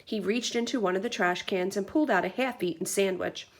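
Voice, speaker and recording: A young woman teacher reading a picture book aloud to children, gentle and clear as she explains. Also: mid-range voice, brisk.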